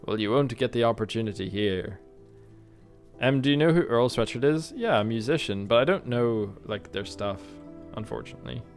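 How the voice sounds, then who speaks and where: A British man streams a game and chats casually with his viewers, wandering from one joke to the next and humming little tunes under his breath. His voice sits at an ordinary middle pitch. Soft music runs quietly behind him. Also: expressive, normal speed. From Britain. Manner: rambling, jokey, hums and scats to himself while playing.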